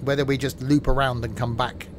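A man's voice: mid-range voice, little pitch movement, brisk. A man streaming a game, chatting casually and joking while narrating his own driving. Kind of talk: casual gameplay commentary. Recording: game vehicle noise in background.

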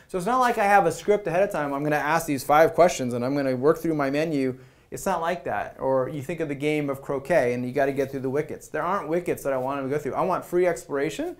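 Man speaker at a product meetup, a touch high-pitched, conversational, quotes users as he goes. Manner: conversational, acts out user dialogues, frequent "right?". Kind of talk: conference talk. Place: meetup venue.

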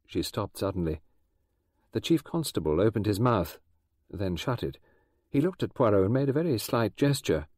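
A man narrating a mystery audiobook in a measured, dramatic storytelling manner. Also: fairly low pitch, sing-song, darkish tone, dry recording, clean studio sound. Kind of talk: scripted narration.

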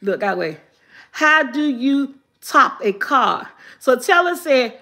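Bright high-voiced older woman chatting live. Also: big pitch swings, takes it slowly. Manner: chatty, laughs often, reads viewer comments aloud. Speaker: vlogger. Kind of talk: casual live chat with viewers.

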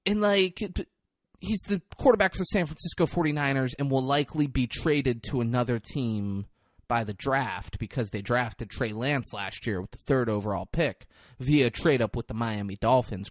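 A man's voice: medium pitch, no echo, studio quality. A man hosting a comedy podcast, ranting in a casual, profane, jokey way. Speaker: podcast host.

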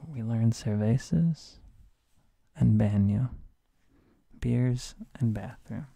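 A man in a whispered role-play as a sleepy teacher, talking slowly and softly with a gravelly edge. His voice is hoarse from a sore throat and sits close on a dry mic. He drops deadpan jokes in the same hushed tone. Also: mid-range voice, no room sound. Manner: soft, sleepy, with deadpan joke mispronunciations. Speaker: streamer playing a Spanish teacher.

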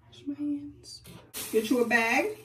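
A young woman vlogs from home, telling a story to her viewers in a lively, chatty way. Her voice sits fairly high and comes from a little way off the mic. The room is echoey, and a faint hum runs underneath. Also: slow pace, recorded from a distance. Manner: chatty, animated, addresses viewers directly. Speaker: beauty vlogger. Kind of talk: casual storytime chat during a hair tutorial.

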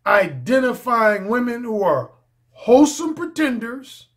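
A man's voice: high voice, lively intonation, normal speed, fairly bright tone. A man speaking as a dating coach in a casual video monologue, emphatic and slangy, often repeating his key phrases.

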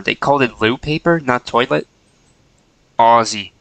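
Male streamer, playful, jokey play-by-play, clear, smooth voice. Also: medium pitch, unhurried, pauses often, pushed and bright, dry recording, rough recording. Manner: playful, jokey, talks to the characters. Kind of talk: casual gameplay commentary.

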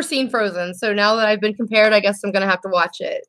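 A young woman hosting a casual makeup livestream, reading viewer comments aloud and talking in a warm, teary, laughing way. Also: medium pitch, fairly even intonation, brisk. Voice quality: emotional, teary and laughing, says y'all.

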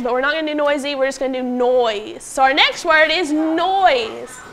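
A woman teaching a phonics lesson to young pupils in a classroom, patiently prompting them and sounding out words slowly. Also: sits high, fairly bright tone. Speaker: elementary school teacher.

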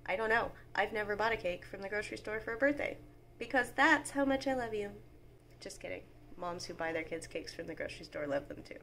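A woman's voice: mid-range voice, lively intonation, a little fast, a bit bright, a little hiss or hum. A woman, talking casually and sentimentally to the camera at home as a mom vlogger. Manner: chatty and sentimental, talks straight to the viewer.

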